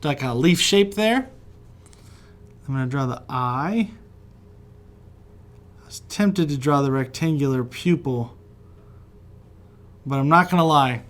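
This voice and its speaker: A man's voice: on the high side, expressive, takes it slowly, pauses often. A man from West Virginia, chatty and encouraging, teaching a children's drawing lesson while he sketches. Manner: friendly, chatty, encouraging, laughs often. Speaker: kids' art teacher.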